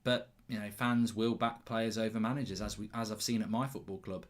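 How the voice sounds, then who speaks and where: A man's voice: on the low side, steady tone, a little fast. A man hosting a live football watchalong, chatty and teasing, reading out viewer comments with lots of stammered restarts.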